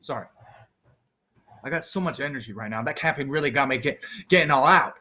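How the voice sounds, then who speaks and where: A man's voice: mid-range voice, fairly quick, bright, forceful tone. A man vlogging to his viewers, rambling goofily and freestyling rhymes off the top of his head. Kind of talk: rambling freestyle vlog chat.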